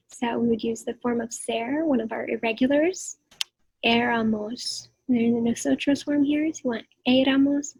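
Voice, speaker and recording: A woman teaching a recorded grammar lesson. She explains patiently and draws out her examples slowly. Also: a little high, darkish tone, poor audio. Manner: clear explanatory teacher talk, drawn-out examples. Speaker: Spanish teacher.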